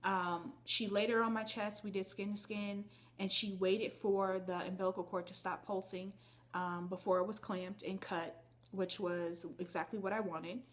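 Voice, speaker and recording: A woman's voice: medium pitch, level tone, normal speed. A woman vlogger telling a personal story to her viewers in a candid, chatty way. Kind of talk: casual storytelling to camera.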